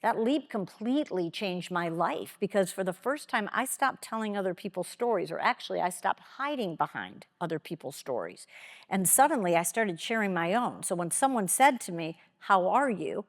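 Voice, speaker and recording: Woman telling a story in a reverberant hall. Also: fairly low pitch. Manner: expressive, dramatic pauses, quotes people aloud. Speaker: keynote speaker. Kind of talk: motivational storytelling talk. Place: large conference hall.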